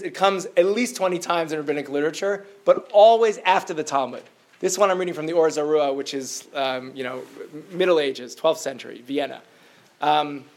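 High-voiced man teaching a lively class. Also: normal speed. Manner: lively, chatty, with many fillers. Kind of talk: lecture with questions from the class.

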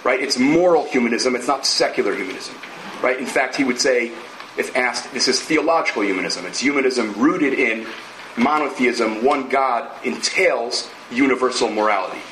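A man's voice: medium pitch, moderate pace, fairly bright tone, a little hiss or hum. A man giving an academic lecture, explaining ideas step by step. He thinks aloud with asides and tag questions. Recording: echoey room.

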